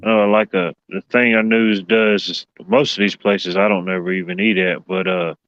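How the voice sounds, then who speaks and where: A man's voice: low-pitched, steady tone, normal speed, a bit bright. A man in a casual chat, talking hesitantly with many fillers. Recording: dull dry sound.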